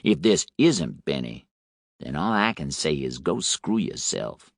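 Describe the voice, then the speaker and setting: A man's voice: very deep voice, sing-song, unhurried, creaky, no room sound, studio quality, pitched below the performer's own voice, heavily acted. A man doing a brash businessman. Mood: exasperated. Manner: brash, exasperated. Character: irritated businessman on the phone.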